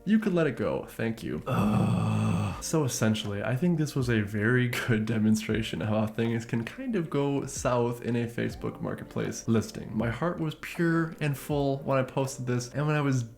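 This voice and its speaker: A man vlogging, retelling a frustrating exchange in an exasperated, incredulous way, his voice jumping higher in outbursts. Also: moderate pace, creaky, few pauses, a little mellow. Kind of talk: storytelling vlog.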